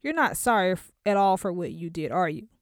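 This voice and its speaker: A woman's voice: lowish voice, lively intonation, brisk, no room sound, clean studio sound, close to an everyday voice. A woman voicing a hurt, bitter young wife confronting her husband, in an audiobook.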